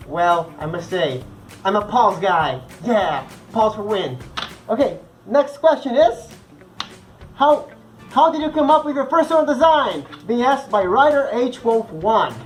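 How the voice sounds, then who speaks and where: A man's voice: extremely high pitch, rough recording. Bubbly young man with a Portuguese-speaking accent. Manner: playful, bubbly and chatty. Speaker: vlogger answering fan questions. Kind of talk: casual chat.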